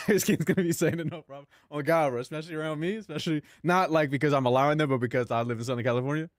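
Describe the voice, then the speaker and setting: A man's voice: on the high side, very fast, no room sound, studio quality. A young man streaming live, rambling casually to his chat and himself, swearing freely.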